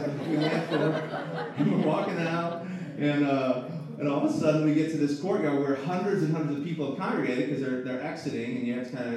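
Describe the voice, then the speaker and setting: A man in his thirties, a pastor, telling a personal story in a sermon with earnest emotion and halting restarts. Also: a little high. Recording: echoey hall, voice far from the mic, faint music.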